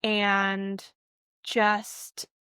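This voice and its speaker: A woman's voice: medium pitch, completely flat delivery, drawn-out words, bright, forceful tone, clean tone, dry recording. A woman, a veterinary technician co-hosting a podcast, telling her story in a candid, earnest casual chat. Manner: reflective, encouraging. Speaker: podcast co-host.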